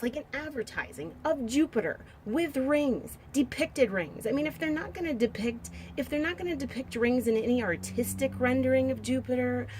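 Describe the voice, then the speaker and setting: A woman's voice: on the high side, a little hiss or hum. A woman in her forties talks casually to camera, rambling and joking in a half-serious way and musing aloud as she browses pictures. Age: 40s. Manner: muses aloud while browsing pictures on screen. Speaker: vlogger.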